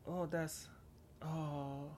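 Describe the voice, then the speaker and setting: A man putting on the voice of an airy rich socialite woman with a Southern drawl, breathy and giggly. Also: a little high, level tone, drawn-out words, a little mellow, a little hiss or hum, pitched above the performer's own voice. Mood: playful.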